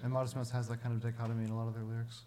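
Fast-talking man with a flat voice. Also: mid-range voice. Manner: thoughtful, rambling with fillers. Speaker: podcast co-host. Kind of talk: casual music discussion.

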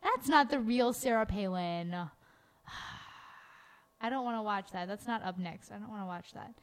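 Young woman radio co-host, from Georgia, jokey and drawn-out delivery. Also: medium pitch, clean tone. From Georgia, USA. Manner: playful, joking, drawn-out words. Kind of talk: casual radio chat.

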